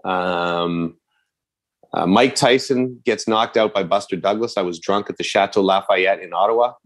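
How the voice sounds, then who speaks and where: A man's voice: low-pitched, moderate pace. Joking Canadian man in his fifties. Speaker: podcast co-host. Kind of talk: casual chat.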